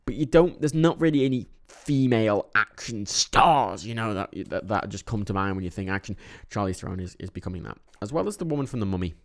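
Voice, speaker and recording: A young man casually reviewing films, rambling, swearing often, with sudden animated bursts and a tired edge. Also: on the low side, fairly quick, hardly any pauses. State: a bit tired. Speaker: film reviewer. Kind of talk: casual monthly movie review vlog.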